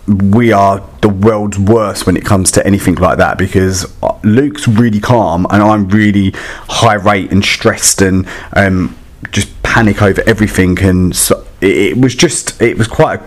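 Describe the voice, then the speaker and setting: A man telling a story in a casual, chatty and dramatic way, with many fillers. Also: fairly low pitch. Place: static caravan.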